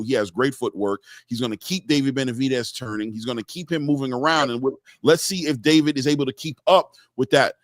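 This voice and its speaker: A man hosting a casual boxing live stream, reading out viewer comments and giving shout-outs in a loose, chatty way. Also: mid-range voice, no echo, clean studio sound. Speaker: boxing show host.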